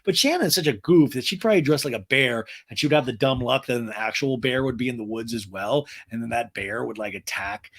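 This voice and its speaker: A man's voice: mid-range voice, animated, brisk, hardly any pauses, a bit bright. A man hosting a podcast, giving a snarky, rambling comedic recap. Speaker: podcast host. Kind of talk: comedic recap of a reality show.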